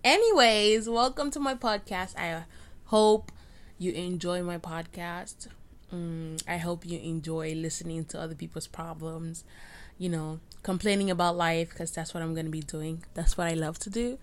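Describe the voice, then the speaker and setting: Rambling young woman with a lower voice. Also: steady tone, moderate pace. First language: Spanish. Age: late teens. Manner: rambling and self-mocking, with loudness and pitch jumping often. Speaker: podcast host. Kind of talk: casual rant. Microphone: cheap home USB microphone.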